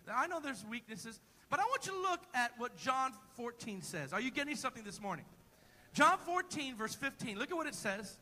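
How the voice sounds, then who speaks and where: A man's voice: very high voice, very animated, brisk, pushed and bright, big-room sound, rough recording. A man preaching a sermon as pastor in a church, emphatic and repetitive, calling on the congregation to answer back. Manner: emphatic call-and-response preaching.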